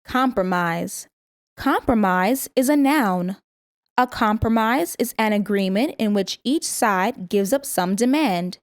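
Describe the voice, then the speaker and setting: Woman, mid pitch, lesson narrator with careful pronunciation, dry studio sound. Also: clean tone, no echo. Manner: slow, careful word-by-word pronunciation. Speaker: vocabulary teacher. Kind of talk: scripted vocabulary lesson reading.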